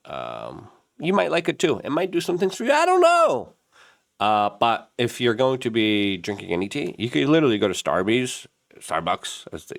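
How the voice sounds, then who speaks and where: A man hosting a commentary show, reading an ad in a rambling, animated way with many fillers. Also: sits low, creaky, no echo, studio quality. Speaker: host. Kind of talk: casual commentary and ad read.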